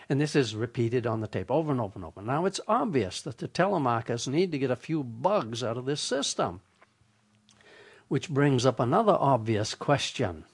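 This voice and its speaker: An older man hosting a radio show, telling a humorous story in a deliberate, slow way. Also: mid-range voice, expressive. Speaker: radio host.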